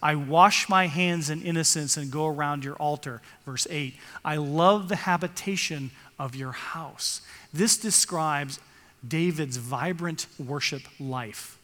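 A man's voice: a little high, slow pace, fairly bright tone. Man preaching in a reverberant hall. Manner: earnest preaching, reading scripture aloud, rising for emphasis. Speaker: pastor. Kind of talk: sermon.

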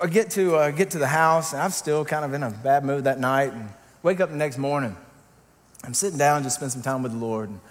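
A pastor telling a humorous personal story in a sermon, turning earnest and quiet, with lively, mock-exasperated asides. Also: male voice, medium pitch, slight background noise. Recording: long hall reverb.

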